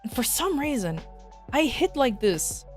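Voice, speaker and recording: A young woman streamer telling stories in a loose, animated way. She laughs often and fills her talk with "like". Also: sits high, unhurried. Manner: animated, laughing, many fillers. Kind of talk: casual storytelling to a live chat. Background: faint background music.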